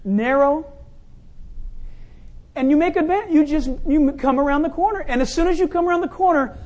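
A man preaching a sermon, animated, acting out the crowd's shouts and stepping in and out of the voices of the scene. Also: very high-pitched. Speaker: pastor.

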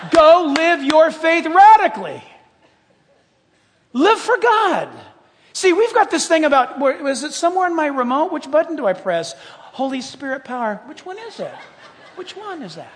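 A man preaching a sermon as a pastor, playful and animated, dropping to hushed asides and rising to shouts. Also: very high voice, normal speed. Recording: long hall reverb.

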